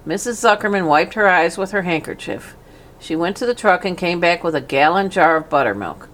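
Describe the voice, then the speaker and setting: A woman narrating a children's storybook in a gentle, even manner. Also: fairly low pitch, fairly quick. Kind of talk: storybook reading aloud.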